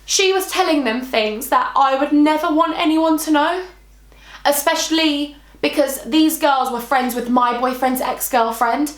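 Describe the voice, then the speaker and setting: A woman's voice: high voice, measured pace. Chatty British woman, echoey room. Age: 20s. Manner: emotional, chatty, heavy on "like" and repeats. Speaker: vlogger. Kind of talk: storytime vlog.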